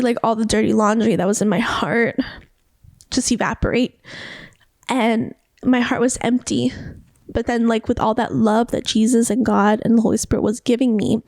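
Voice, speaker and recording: Gravelly-voiced woman telling a personal story. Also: on the high side, darkish tone, no echo, studio quality. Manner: emotional, repeats herself, quotes others and herself. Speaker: podcast host.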